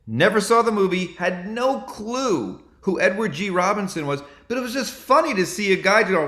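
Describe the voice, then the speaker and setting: A male comedian chatting casually and telling animated stories. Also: high-pitched, brisk, hardly any pauses. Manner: animated storytelling. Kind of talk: casual chat. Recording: roomy echo.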